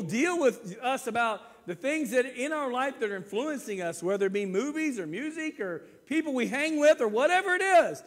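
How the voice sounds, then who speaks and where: A man in his sixties preaching a sermon, earnest and repeating words, swinging between loud emphasis and quiet asides. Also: very high voice, expressive, normal speed, few pauses. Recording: reverberant church hall.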